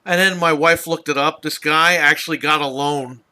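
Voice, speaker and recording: A man rants casually on his podcast, exasperated and swearing through a long story. His voice sits a little high with a bright, tense edge. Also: fairly even intonation, normal speed, clean tone. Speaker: podcast host. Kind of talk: casual ranting chat.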